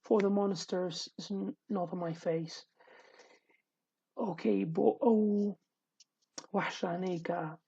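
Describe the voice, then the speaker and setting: A woman's voice: lowish voice, fairly even intonation, vocal fry, dark tone, a little hiss or hum. A woman teaching a casual online language lesson, explaining patiently and repeating each word, with as her language, in a dull lo-fi home recording. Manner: explains patiently, often pausing and repeating words.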